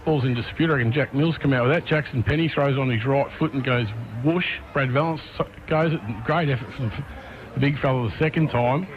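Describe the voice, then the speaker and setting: Fast-talking Australian football caller. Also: male voice, medium pitch, dull audio, a little hiss or hum. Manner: quick, chatty, easy laughs. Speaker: play-by-play commentator. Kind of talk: local football commentary. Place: commentary box with a window at a ground.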